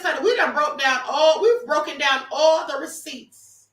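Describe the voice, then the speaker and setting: A woman with a bright, sharp, high voice talks to her viewers in a casual commentary stream, emphatic and addressing them as honey. She sounds set back from the mic in an echoey room. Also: lively intonation, normal speed, distant mic. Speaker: livestream host. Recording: roomy echo, off-mic.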